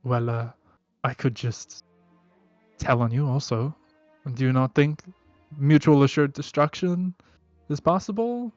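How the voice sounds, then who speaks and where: A man's voice: medium pitch, measured pace, long pauses, a little mellow, dry recording, highs cut off, faint music behind, natural voice. A man voicing a defensive young male dealer standing his ground. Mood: defiant. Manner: defensive, defiant. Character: defiant young man dealing shady goods.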